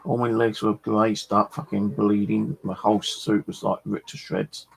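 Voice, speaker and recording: A man's voice: fairly low pitch, level tone, normal speed, creaky, husky, low-quality recording. A middle-aged man, chatting casually as the host of a fishing channel and telling rambling stories while swearing freely.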